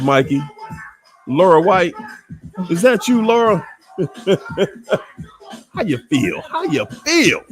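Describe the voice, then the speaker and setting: Host, man, DC accent, unhurried and animated, playful slang, faint music behind. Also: mid-range voice. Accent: Washington DC. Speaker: host of a live online show. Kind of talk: casual shout-outs to live viewers.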